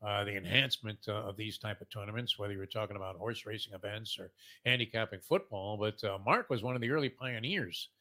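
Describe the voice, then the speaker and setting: A man's voice: fairly low pitch, fast talker, bright, forceful tone. A man hosting a sports betting talk show, rambling with many fillers and emphatic lifts.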